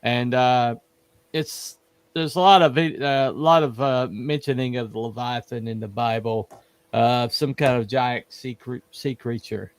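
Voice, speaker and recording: A man hosting a casual livestream chat, quoting scripture haltingly with many fillers. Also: medium pitch, fairly even intonation, smooth, no echo. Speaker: host.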